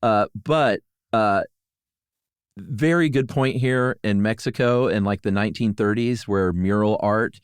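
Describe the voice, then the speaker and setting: Middle-aged man, low voice, relaxed rambling chat, dry sound. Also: a little slow, smooth, dry recording. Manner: relaxed, rambling, full of fillers. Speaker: podcast co-host and ad reader. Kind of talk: casual chat.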